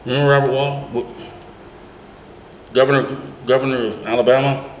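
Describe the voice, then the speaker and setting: A man's voice: medium pitch, fairly even intonation, moderate pace, a little hiss or hum. A man who drives a cab, giving a heated, emphatic political rant full of rhetorical questions. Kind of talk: opinionated political rant vlog. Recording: echoey room, faint ambience.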